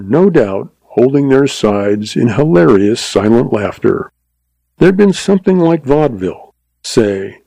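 A man narrating a story with measured, expressive delivery. His voice is mellow and unhurried. The recording is close and dry, with no room sound. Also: lowish voice, husky, no room sound, poor audio.

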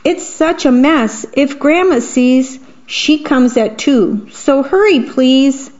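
A woman reading a picture book voices a bossy, hurried parent handing out chores in a brisk, commanding way. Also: sits high, expressive, darkish tone, voice pushed up. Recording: dull lo-fi recording.

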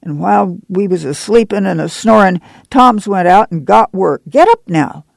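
A man's voice: high voice, moderate pace, vocal fry, mellow, no echo, heavily acted. A man voicing a hardworking mother in an audiobook, speaking in a plain dialect with a firm, urgent manner. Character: weary rural mother, bossy, proud, hardworking. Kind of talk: audiobook character voice.

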